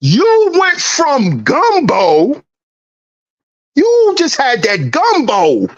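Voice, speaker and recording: A woman's voice: huge pitch swings, dull audio. Woman on a teasing, sing-song rant. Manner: swings in pitch, drawn-out words. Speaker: channel host. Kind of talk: mocking rhetorical rant.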